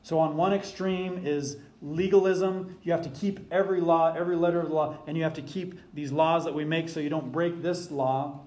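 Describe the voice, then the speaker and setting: Middle-aged male pastor, slightly high voice, emphatic sermon delivery, roomy echo. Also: steady tone, moderate pace, hardly any pauses, a little mellow. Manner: emphatic preaching, rising for scripture quotes.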